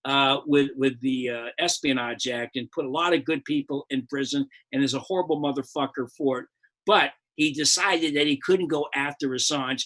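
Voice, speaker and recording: A man's voice: medium pitch, steady tone, moderate pace, a bit bright. A rambling older American comic swears his way through a political rant. He talks in a middle range with frequent false starts and heated bursts. The feel is loose, live and unscripted. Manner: profane, rambling, heated, many restarts. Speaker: comedian and show host. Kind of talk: profane comedic political rant.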